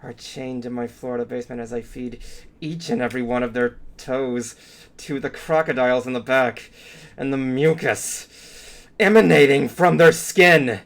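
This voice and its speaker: A man voicing a creepy, sadistic horror-movie host in a slow, theatrical, menacing monologue. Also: on the high side, vocal fry. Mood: gloating. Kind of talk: mock horror monologue on a live stream.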